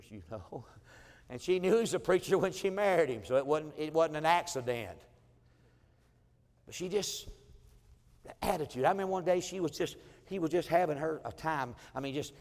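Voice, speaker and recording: A middle-aged male pastor preaching in a church, his slightly high voice carried by a long, ringing hall reverb. He tells homely family stories, slips into the voices of the people in them and chuckles along with his congregation. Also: animated, brisk, darkish tone. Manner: storytelling, acting out family quotes, chuckling asides. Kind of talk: sermon. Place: church sanctuary.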